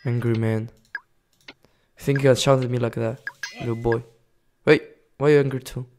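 A young man giving excitable casual commentary while playing a game, reading its text aloud and yelling at enemies. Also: medium pitch, moderate pace, slight background noise. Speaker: gaming YouTuber.

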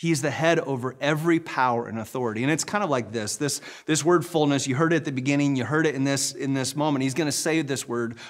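A man's voice: mid-range voice, quick pace, hardly any pauses. A middle-aged man preaching a sermon as pastor in a large church, conversational and folksy, telling stories and repeating words as he goes. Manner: conversational, folksy storytelling with repetitions.

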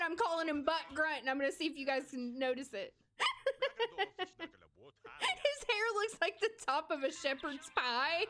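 American woman, game streamer, high lively voice, chatty and laugh-prone. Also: measured pace. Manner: giggly, chatty, reads and answers chat. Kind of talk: casual live-stream commentary.

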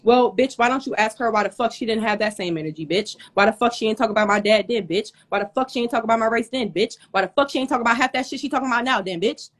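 Woman, fairly high voice, angry profane rant, confrontational, sweating and heated, phone live stream. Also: fast, hardly any pauses. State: hot and sweating. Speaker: livestream host.

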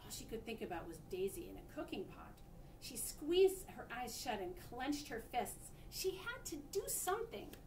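Lively woman reading a picture book. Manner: expressive, pauses to show pictures. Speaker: storybook reader. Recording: echoey room, distant mic, faint rumble.

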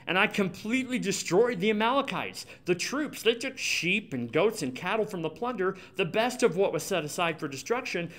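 A defensive king insisting he obeyed, as a man reading scripture in a sermon puts him on. The voice sits a little high and sounds earnest and pleading as he piles up his excuses. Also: a bit bright. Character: defensive king making excuses, male adult.

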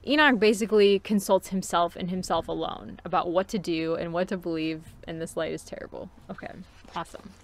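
A woman giving a casual book review, chatty and musing, with frequent fillers and laughs between thoughts. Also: lowish voice.

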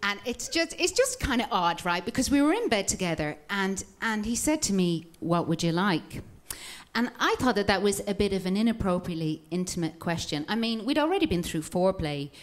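A woman's voice: mid-range voice, very animated, brisk. An Irish woman doing a wry, self-mocking stand-up routine in a comedy club. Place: comedy club with live audience.

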